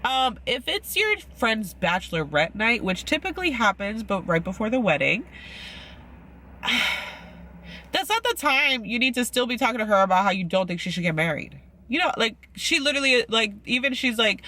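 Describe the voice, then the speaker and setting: A man's voice: high voice, lively intonation, brisk, pushed and bright, slight background noise. A man chatting casually as he recaps a reality show, rambling with lots of "like" and acting out quotes. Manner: chatty and rambling, heavy use of "like", acts out quotes.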